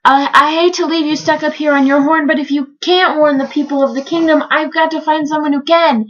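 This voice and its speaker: An earnest young storybook boy calls out in a high, pleading voice, played by a woman reader. The lo-fi recording sounds dull and muffled. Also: fairly even intonation, brisk, lightly acted. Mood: worried. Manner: urgent, shouting warnings.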